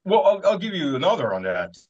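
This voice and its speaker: A man's voice: high voice, big pitch swings, fast, darkish tone. A man telling stories in a casual interview, rambling with many fillers and chuckling as he goes. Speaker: guest commentator. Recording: dull lo-fi sound.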